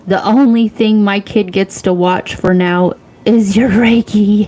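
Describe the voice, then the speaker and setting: A woman in her forties gives a casual psychic reading in a rambling, off-the-cuff way. She is blunt and swears freely, and she laughs often between thoughts. Her voice sits at an ordinary middle pitch. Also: steady tone, unhurried, hardly any pauses, warm tone, low-quality recording. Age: 40s. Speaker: psychic channel host.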